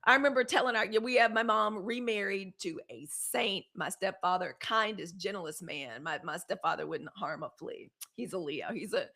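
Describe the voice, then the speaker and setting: With a sharp, mid-range voice, a female host delivers impassioned commentary on a live news show at a moderate pace with few pauses. She's fiery and emphatic, leaning on repeated phrases.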